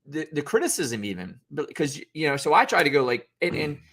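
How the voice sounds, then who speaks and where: A man's voice: on the high side, sing-song, fairly quick, a bit bright. Guy coach rambling about leadership, lots of restarts, acts out what coaches say. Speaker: youth football coach and podcast co-host. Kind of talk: unscripted debate chat.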